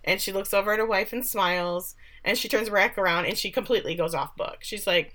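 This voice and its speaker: A woman's voice: medium pitch, a little fast, few pauses, a bit bright. A woman casually recapping a TV episode. She talks loosely, swears freely and briefly mimics characters when quoting them.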